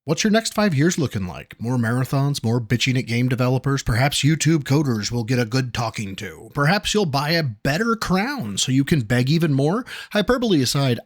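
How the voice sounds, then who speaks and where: A man narrates commentary in a sardonic, mocking tone, lobbing rhetorical questions. His pitch is mid-range but moves a lot, giving the delivery a lively, sneering bounce. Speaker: commentary host.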